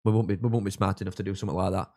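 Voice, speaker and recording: A young man from England, hosting a live football watchalong and chatting with viewers, reacting loudly to goals. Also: low voice, steady tone, racing. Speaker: livestream host.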